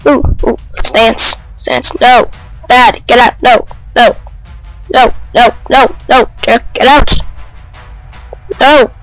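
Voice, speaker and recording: High-voiced man playing a game. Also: dry recording, faint music behind, rough recording. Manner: excitable, self-mocking, quick retorts. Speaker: let's play gamer. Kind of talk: casual gameplay commentary.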